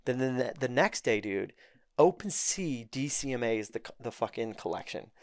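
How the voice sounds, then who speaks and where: A young man spins a story in loose, profane casual talk. He keeps jumping into quoted dialogue with lively swings of pitch. The sound is close and dry, with no room around it. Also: moderate pace, no room sound. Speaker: podcast guest.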